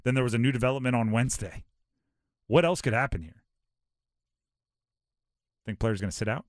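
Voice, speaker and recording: A man from Hawaii hosting a sports talk show, animated and rhetorical, often acting out quotes. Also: mid-range voice, fairly quick, no echo, clean studio sound.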